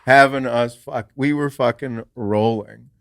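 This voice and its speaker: A man hosting a podcast, telling a story in casual chat, swearing freely, laughing often and dropping to a hush for parts of the story. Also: mid-range voice, fairly even intonation, measured pace, clean tone, no echo, clean studio sound. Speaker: podcast host.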